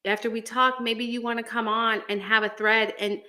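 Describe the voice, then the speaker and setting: A woman's voice: on the high side, little pitch movement, normal speed, sharp tone. Woman, chatty, heartfelt, slight cough, casual live-stream co-host. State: coughing a little. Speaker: podcast co-host.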